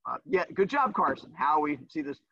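A man's voice: on the high side, big pitch swings, moderate pace, creaky, bright, forceful tone, dry recording. A man teaching a livestreamed class, teasing his students in a sassy, playful way. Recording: dull lo-fi dry sound.

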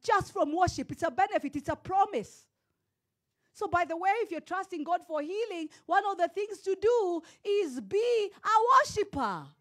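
Woman pastor, high voice, emphatic preaching with rising repetition, church sermon. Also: animated, normal speed, a bit bright. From Kenya. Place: church service.

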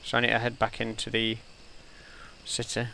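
A man giving chatty let's play commentary as he plays, thinking aloud and getting easily excited. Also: mid-range voice, normal speed, gravelly, noisy background. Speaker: gamer.

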